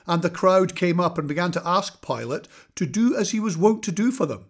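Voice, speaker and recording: A man reading scripture aloud in a measured, solemn way, slowing for weight. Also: high voice, animated. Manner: measured, solemn reading with slow dramatic pauses. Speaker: scripture reader.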